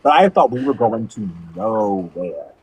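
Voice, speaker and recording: A young man chatting casually in an interview, telling lively stories and acting out the people in them. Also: lowish voice, measured pace, breathy edge, poor audio. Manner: animated storytelling, acts out quotes. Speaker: guest narrator. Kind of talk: casual chat.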